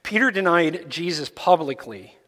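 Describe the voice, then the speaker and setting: A man preaching a sermon as pastor, explaining scripture in a deliberate, emphatic way. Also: on the high side, animated, fairly bright tone. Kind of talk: expository sermon. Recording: long reverb in a large hall.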